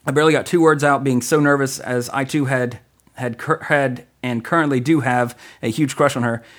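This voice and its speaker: A man's voice: medium pitch, fairly even intonation, a bit bright. A man co-hosting a casual podcast, reading listener emails aloud, tripping over words and joking about himself. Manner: fast-talking, trips over words, self-deprecating.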